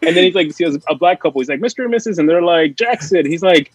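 A man's voice: fairly high pitch, fairly even intonation, fast, breathy edge, no room sound, rough recording. A man co-hosting a podcast, chatting casually about an old movie, rambling with lots of "like" fillers. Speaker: podcast co-host.

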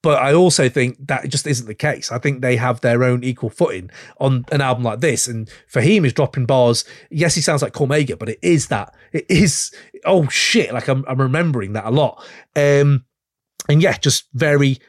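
A man's voice: mid-range voice, moderate pace, no echo, studio quality. A man hosting a podcast, chatting in a rambling, enthusiastic way and swearing freely. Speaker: podcast host. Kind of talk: casual chat.

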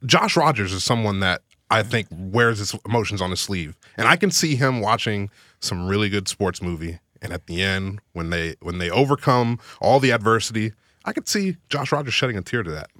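A man's voice: fairly low pitch, expressive, moderate pace, pushed and bright, no echo, clean studio sound. A man, the show's producer, chatting in an easygoing, upbeat way. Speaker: podcast producer. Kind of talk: casual podcast chat.

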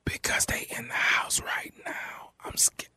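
A man's voice: a little slow, sharp tone. A man playing a frightened young man who hides in a closet and whispers and sobs during a prank phone call. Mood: scared whisper. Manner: panicked whispering and sobbing. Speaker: radio prank caller.

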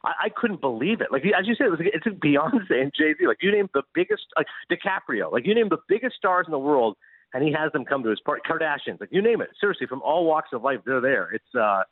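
A Canadian-born man, a guest sports broadcaster, telling stories in an animated, quick way on a casual sports radio show. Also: on the high side, husky, no echo. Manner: animated storyteller, quick, laughs often. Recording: tinny phone-line remote audio.

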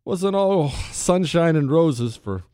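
A man's voice: on the high side, slow pace, no echo, clean studio sound. A man hosting a talk radio show, mocking and opinionated, reading ads and reacting to clips. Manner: sarcastic, mocking, animated.

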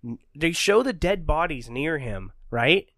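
A young man talks through a movie scene by scene, his pitch jumping around lively and a touch high. He swears freely and laughs as he goes, recorded close and dry. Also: a little slow, dry recording. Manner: animated, swearing, laughing often. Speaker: podcast co-host. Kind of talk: casual movie recap chat.

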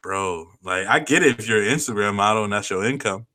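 Bright-voiced profane man chatting. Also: fairly low pitch, expressive. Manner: laid-back, profane, drawn-out slang. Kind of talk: casual chat.

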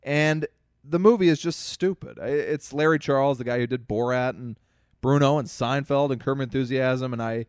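A man's voice: mid-range voice, moderate pace, smooth, no room sound, clean studio sound. A man co-hosting a podcast, talking casually, cursing freely, and telling stories to listeners he calls folks. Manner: profane, storytelling, addresses listeners as folks. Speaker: podcast co-host. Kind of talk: casual chat.

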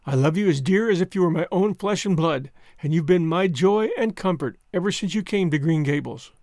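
A man voicing a stern older woman, softened. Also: high-pitched, dry recording, clean studio sound. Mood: tender. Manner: plain-spoken, halting tenderness.

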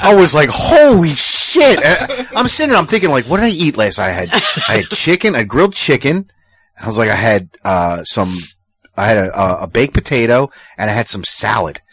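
A man's voice: mid-range voice, fairly quick, slightly rough, no room sound. A man hosting a casual podcast chat, telling a crude story with lots of swearing and laughter. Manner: animated storyteller, swears a lot, laughs often. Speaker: podcast host.

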